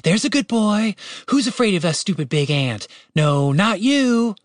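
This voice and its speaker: A man's voice: sits high, big pitch swings, measured pace, dry recording, voice pushed up. Teasing young huntress, lifted light voice, storybook character, read by a man, dry recording. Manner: playful, teasing. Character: young woman ranger, playful and teasing. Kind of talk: audiobook character voice.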